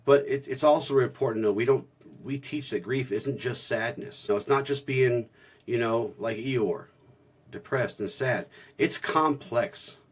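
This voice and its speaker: An unhurried man with a medium-pitched, husky voice co-hosts a spiritual podcast. He tells his stories in a casual, earnest, reflective way, restarting his sentences again and again.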